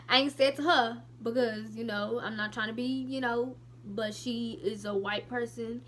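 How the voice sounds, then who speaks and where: A young woman vlogger telling a personal story to her viewers in a casual, emotional, animated way with many asides. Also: a little high, a little slow, slight background noise.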